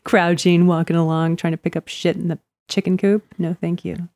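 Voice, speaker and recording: A woman's voice: fairly low pitch, little pitch movement, normal speed, darkish tone, no room sound. A woman chatting casually, telling stories about her neighbors, acting out their lines and laughing often. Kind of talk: casual chat.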